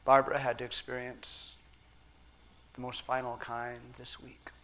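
Slow, measured male preacher. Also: mid-range voice, monotone, slight background noise. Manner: slow and measured, with long pauses and shifts between soft and loud. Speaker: pastor. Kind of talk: sermon.

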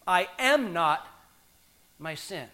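Male pastor, 50s, bright tone, reflective storytelling sermon. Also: high-pitched, lively intonation. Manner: reflective, measured, with pauses.

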